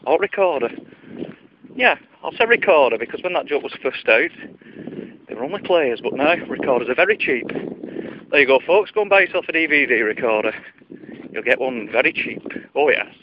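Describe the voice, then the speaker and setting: A man's voice: mid-range voice, very animated, fairly quick, slight background noise. Man rattling off corny jokes. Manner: self-mocking, chatty, groans at own puns. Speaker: joke teller. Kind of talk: solo comedy ramble of corny jokes. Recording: dull lo-fi recording.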